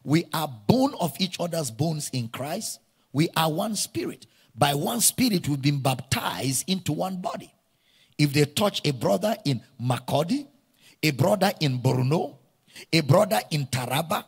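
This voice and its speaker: A Nigerian pastor preaches to his congregation in a reverberant church hall, leading call-and-response and repeating key phrases for emphasis. His husky voice is fairly high with vocal fry, big pitch swings, and a slightly slow pace. He speaks Nigerian English.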